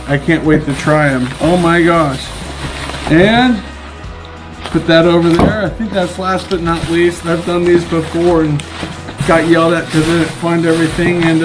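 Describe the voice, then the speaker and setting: A middle-aged man talks through a casual unboxing vlog, often breaking into excited exclamations. His voice sits a little high for a man, and he speaks in a slow, drawn-out way. Faint guitar music plays behind him. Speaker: vlogger.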